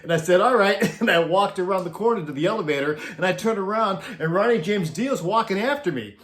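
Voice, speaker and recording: Middle-aged man, ex stage crew, relaxed anecdote telling with frequent laughs; a little high-pitched, roomy sound. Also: fairly quick. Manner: laughs often while telling. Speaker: former concert sound crew member. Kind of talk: casual storytelling.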